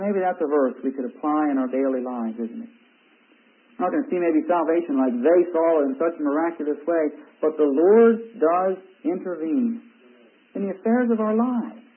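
A man teaching a Bible sermon in an earnest way, rising in pitch for emphasis. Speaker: preacher. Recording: tinny phone-like radio broadcast.

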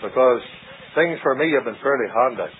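A man preaching a sermon, dramatic, with sudden rises and hushed drops. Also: mid-range voice, lively intonation, moderate pace, a little hiss or hum. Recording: tinny old radio broadcast.

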